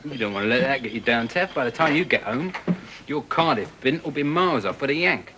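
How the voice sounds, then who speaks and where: An actor playing a cocky, mocking young soldier. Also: male voice, mid-range voice, expressive, background noise, lightly acted. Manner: sneering, mocking, quick-tongued. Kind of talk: 1980s television drama acting.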